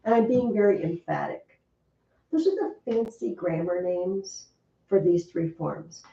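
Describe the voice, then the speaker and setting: A woman teaching a Latin class, chatty and lively, often asking the students questions. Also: lowish voice, unhurried, vocal fry. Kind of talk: classroom lesson. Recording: distant, roomy, dull classroom recording.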